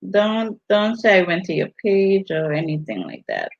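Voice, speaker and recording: A woman's voice: fairly low pitch, wildly swooping pitch. A woman from the Virgin Islands with a Virgin Islands accent, hosting a casual livestream and chatting while she reads viewer comments. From US Virgin Islands (St. Thomas). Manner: unhurried, drawn-out delivery while reading viewer comments. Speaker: livestream host. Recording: dull lo-fi stream audio.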